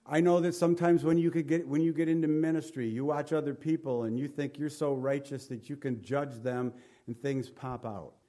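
A man's voice: fairly high pitch, steady tone, a little fast, mellow. A man preaching a sermon to his congregation. He reads scripture in old-fashioned wording and breaks into casual, emphatic asides. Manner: emphatic preaching with King James scripture readings. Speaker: pastor.

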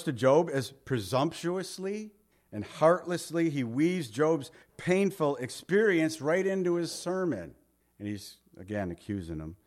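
A male pastor preaches verse by verse in a relaxed, conversational way. His voice sits at a middle pitch and turns emphatic on key points. He often drops to a soft murmur at the ends of phrases. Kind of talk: verse-by-verse sermon.

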